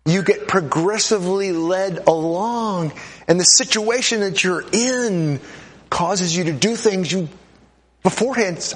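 A man giving a classroom lecture to an audience, animated and urging, repeating himself as he runs a live demonstration and acts out voices. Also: high-pitched, a little slow.

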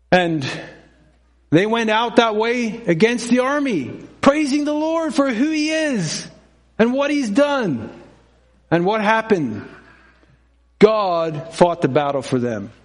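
A middle-aged male preacher giving a sermon, telling stories and acting out the people in them, with frequent self-questioning asides. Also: sits high. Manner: storytelling, acts out voices, self-questioning asides.

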